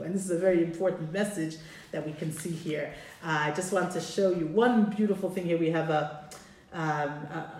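A woman's voice: fairly low pitch, a little mellow. A woman teaching a Torah class, who reads Hebrew lines from a text and translates them with informal asides. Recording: roomy echo.

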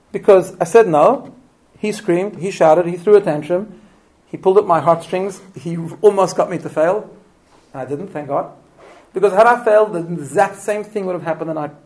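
Speaking a little high and slightly raised, a middle-aged parenting lecturer who immigrated to Australia addresses a room of parents live. His animated storytelling swings in energy, his sentences often restart, and he checks in with quick rhetorical questions, all on poor audio.

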